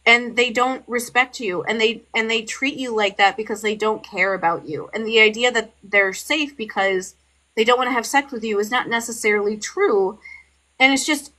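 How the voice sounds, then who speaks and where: A woman co-hosting a casual podcast, her voice sharp and bright. She tells a story in loose, run-on sentences packed with "like," getting worked up as she goes. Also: on the high side, normal speed, low-quality recording. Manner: heavy "like" fillers, animated and heated storytelling. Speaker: podcast co-host. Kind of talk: casual chat.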